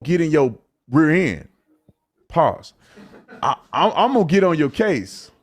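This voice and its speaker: A man's voice: fairly high pitch, sing-song, unhurried. A man on a played clip from a commentary show, talking boastfully and confrontationally.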